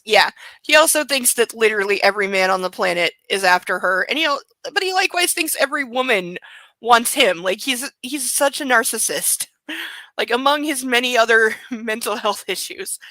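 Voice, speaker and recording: A woman's voice: a little high, animated, moderate pace, bright, forceful tone, no echo, poor audio. A woman hosting a book club podcast, reading aloud and giving sarcastic, rambling commentary. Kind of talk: casual chat and reading aloud.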